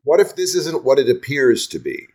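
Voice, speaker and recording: An older man, a guest songwriter, telling stories in a chatty, animated interview style. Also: medium pitch, moderate pace, breathy edge. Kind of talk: casual interview storytelling.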